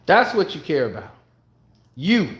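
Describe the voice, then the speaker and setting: A man's voice: fairly high pitch, big pitch swings, measured pace. A man giving a heated solo commentary from home, blunt and angry, firing off rhetorical questions. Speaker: online commentator.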